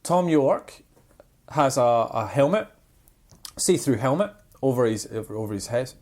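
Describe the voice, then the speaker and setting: A man's voice: medium pitch, unhurried. A man co-hosting a podcast, chatting casually and acting out the people in his stories. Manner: animated storyteller, acts out quoted people. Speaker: podcast co-host. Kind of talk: casual chat.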